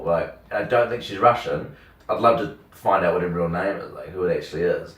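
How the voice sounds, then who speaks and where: A man's voice: deep voice, fast talker. A young man, telling a rambling story in casual chat, packed with "like" and acted-out quotes. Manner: rambling, animated, full of "like" and quoted voices. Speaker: radio host telling a story. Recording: roomy, distant mic.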